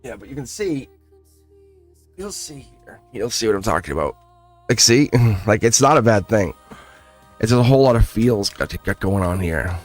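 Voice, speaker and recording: A man's voice: on the low side, normal speed, pauses often, faint music behind. A man reading tarot on a live stream, chatting casually and addressing viewers directly with frequent laughs. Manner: animated, chatty, laughs often, talks straight to viewers.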